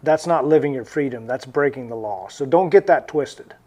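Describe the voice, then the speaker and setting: Emphatic midwestern farmer guest. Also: male voice, medium pitch, normal speed, warm tone. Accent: Midwestern American. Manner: earnest, emphatic. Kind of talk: casual political chat.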